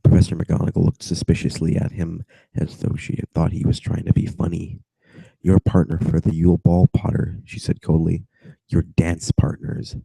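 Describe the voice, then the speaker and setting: A man's voice: deep voice, completely flat delivery, normal speed, gravelly, warm tone, slightly rough, no echo, rough recording. A young man with a cold casually reads a book aloud over video chat, drifting into giggly tangents and mumbled asides. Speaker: reader.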